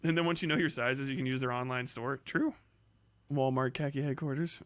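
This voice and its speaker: A man's voice: medium pitch, steady tone, brisk, no echo. A man streaming casual commentary, crude and sarcastic, rambling and swearing often.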